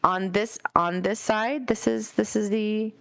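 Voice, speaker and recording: A woman's voice: medium pitch, fairly even intonation, measured pace, gravelly, fairly bright tone, dry recording. A woman playing a tabletop game, talking hesitantly with many fillers. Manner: hesitant, filler-heavy, laughing easily. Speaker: player. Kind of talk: casual tabletop game play.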